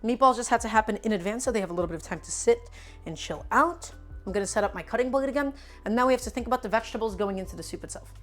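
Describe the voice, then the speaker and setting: A woman's voice: fairly high pitch, racing. A young woman talks her way through a home-kitchen cooking stream in a loose, chatty voice. She jokes with viewers and answers their questions as she works. Faint music plays behind her. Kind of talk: casual live-stream cooking chat.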